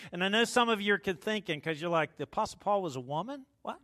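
Dynamic preacher man, hushed to booming. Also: very animated, quick pace, few pauses. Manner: jokes with the congregation. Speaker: pastor. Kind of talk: sermon.

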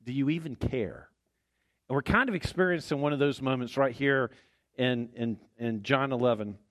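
A man's voice: medium pitch, moderate pace, fairly bright tone, no room sound. A man preaching a sermon as pastor in a church, folksy and conversational with small jokes. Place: church sanctuary.

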